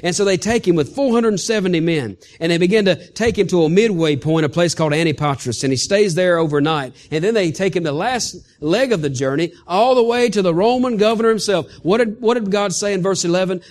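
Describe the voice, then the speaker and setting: A male pastor preaching an animated sermon, often chuckling as he speaks. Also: high-pitched, brisk, few pauses.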